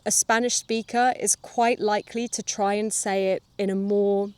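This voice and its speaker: Calm woman podcast host, dry sound. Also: mid-range voice, no room sound. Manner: calm, explanatory, draws out vowels. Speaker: English teacher and podcast host. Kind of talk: relaxed solo podcast talk for learners.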